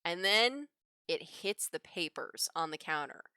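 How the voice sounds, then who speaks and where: Lively woman streamer, swinging intonation, dry close sound, chatty story while she draws. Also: on the low side, unhurried, clean tone, no echo. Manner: animated, laughs often between phrases. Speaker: livestreaming digital artist. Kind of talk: casual storytelling while drawing. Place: home drawing setup.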